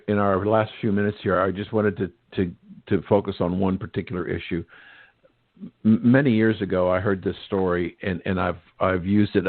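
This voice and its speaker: A man's voice: sits low, no room sound. A male radio host interviewing a guest, polite and a bit hesitant, repeating words and telling a story to set up questions. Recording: tinny phone-like line, dry.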